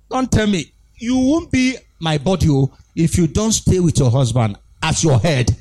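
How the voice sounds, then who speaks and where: A man's voice: a little high, lively intonation, measured pace, a little mellow. A man preaching a sermon as pastor, exhorting the congregation with call-and-response and emphatic repetition. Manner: emphatic, repeats phrases.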